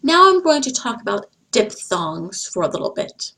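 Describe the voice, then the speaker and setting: A woman giving a slide-based phonics lesson, speaking deliberately and repeating each example sound. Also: on the high side, big pitch swings, bright, forceful tone. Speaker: English teacher.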